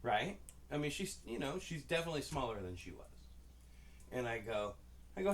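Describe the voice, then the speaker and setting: A man's voice: medium pitch, lively intonation, fairly quick, pauses often. Profane man telling rambling stories. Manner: profane, rambling, acts out quoted dialogue. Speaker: podcast co-host. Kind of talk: casual storytelling chat.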